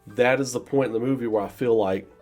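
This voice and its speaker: A man's voice: medium pitch, fast talker, darkish tone, soft background music. A man giving a casual, rambling film review, full of "you know" fillers and acting out scenes in quoted voices. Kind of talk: casual spoken movie review.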